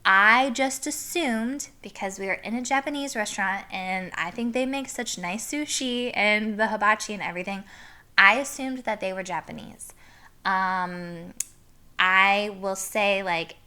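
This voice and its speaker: A young woman with a bright, clear voice tells a story on her own vlog. She chats casually, leaning on filler words as she goes. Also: medium pitch. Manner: chatty, lots of fillers, laughs through story. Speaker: vlogger.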